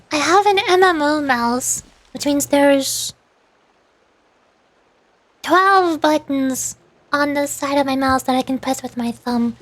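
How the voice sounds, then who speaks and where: A woman's voice: sits high, slow, pauses often, a bit bright. A young woman streamer chatting casually while playing a game, giggly and rambling. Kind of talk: casual gameplay streaming chat.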